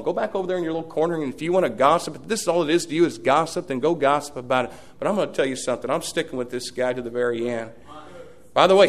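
A middle-aged man preaching a sermon as pastor, folksy, swinging from loud peaks to hushed asides. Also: fairly high pitch.

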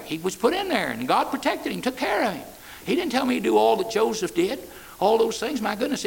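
A man's voice: very high voice, creaky, rough recording. A man preaching a sermon, in a folksy style with repeated "amen" and stammered restarts. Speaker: pastor. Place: church.

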